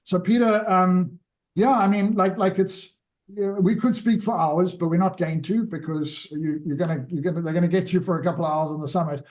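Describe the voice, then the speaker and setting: A man's voice: high-pitched, steady tone, fairly quick, a little mellow. A man hosting an interview, talking loosely and restarting his sentences as he asks a question. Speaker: interview host. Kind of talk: casual interview.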